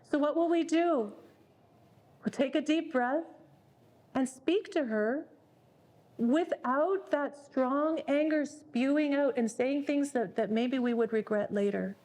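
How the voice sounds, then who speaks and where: A woman's voice: high-pitched, takes it slowly, a little mellow. A woman leading a parenting workshop, speaking earnestly and repeating words as she thinks. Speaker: workshop leader.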